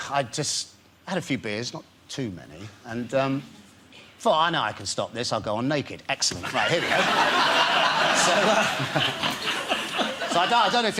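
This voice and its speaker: As a guest on a chat show in a television studio, a man tells a rowdy anecdote, laughing through it and animatedly acting out the scene. His voice is fairly high, with a noisy background.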